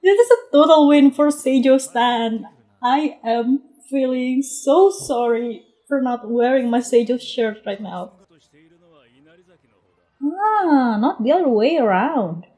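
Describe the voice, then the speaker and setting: High, lively-voiced woman reacting excitedly. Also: slow pace. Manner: excitable, frequent exclamations and laughter; drops into quiet murmured asides. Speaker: anime reaction vlogger. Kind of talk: live reaction commentary.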